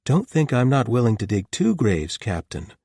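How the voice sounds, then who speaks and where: A big-hearted, blunt nun trades teasing jabs in a voice lifted well above the man who acts her out, as a male narrator puts her on. There is a husky grain to it, and the dry, close sound keeps every wry quip sharp. She jokes easily, even about grim work. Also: medium pitch, normal speed, dry recording, voice pushed up, lightly acted. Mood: playful. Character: tall, blunt, good-humored woman lay sister.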